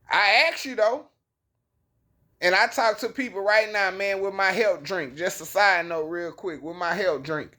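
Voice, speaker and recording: A man's voice: high-pitched, a little slow, sharp tone. A man giving a casual, slangy Bible lesson, telling the story in an emphatic conversational way. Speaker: bible teacher. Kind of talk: casual preaching monologue.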